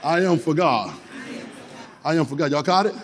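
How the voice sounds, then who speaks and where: A man preaching a sermon, leading call-and-response, repeating phrases and swinging from low, quick talk to shouted lines. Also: lively intonation, crowd noise. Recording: long hall reverb.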